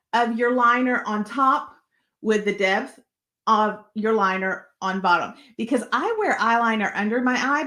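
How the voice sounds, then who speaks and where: A woman demonstrates makeup live, chatting easily and talking directly to her viewers. Her voice sits a little high for a woman, and she keeps the tone friendly and encouraging throughout. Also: fairly bright tone. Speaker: makeup tutorial host.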